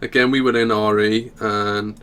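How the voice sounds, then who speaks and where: A man's voice: lowish voice, flat delivery, normal speed, sharp tone, smooth. Young man telling a school story. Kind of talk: casual storytelling.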